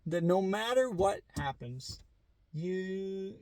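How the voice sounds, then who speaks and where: A man's voice: high voice, lively intonation, slow, a little mellow, no echo. A young man musing aloud in a casual vlog monologue, rambling, correcting himself and swearing freely. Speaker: vlogger.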